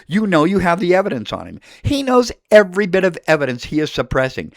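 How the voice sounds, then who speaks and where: A middle-aged American man rails in an impassioned political monologue, pressing each point hard. His voice sits a little high for a man. The recording is dry and close, with no room sound. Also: sing-song, fast, creaky, few pauses, fairly bright tone, no echo. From United States. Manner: angry, emphatic, direct address. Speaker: political commentator.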